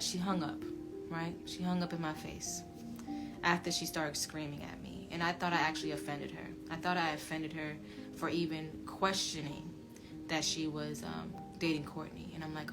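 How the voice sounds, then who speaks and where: A woman tells her own story to viewers, her low voice dropping to a hush and then rising loud as she repeats phrases. She curses freely and talks animatedly. Music plays clearly behind her. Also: flat delivery, moderate pace. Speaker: commentary channel creator telling her story. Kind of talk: emotional personal storytelling to viewers.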